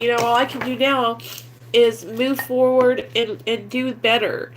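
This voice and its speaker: Candid woman with a high voice. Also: steady tone, unhurried, slight background noise. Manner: rambling and earnest, heavy with fillers. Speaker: recovery vlogger. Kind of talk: candid confessional vlog.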